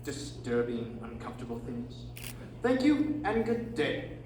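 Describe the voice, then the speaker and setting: A man's voice: mid-range voice, sing-song, measured pace, darkish tone. A man reading the part of a fussy, polite male hobbit who prefers staying home, in a readers theatre performance. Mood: prim refusal. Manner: politely refusing, prim. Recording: echoey room, distant mic, faint hiss.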